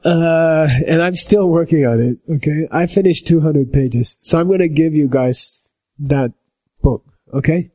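A middle-aged man teaching a meditation class, explaining with simple everyday examples and often checking in with a quick "okay?". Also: fairly high pitch, warm tone. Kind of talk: slow explanatory teaching talk.

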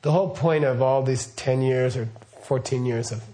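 Mellow-voiced middle-aged man teaching casually. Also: mid-range voice, normal speed, a little hiss or hum. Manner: rambling, asks listeners questions, frequent okay and right. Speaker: Buddhist teacher.

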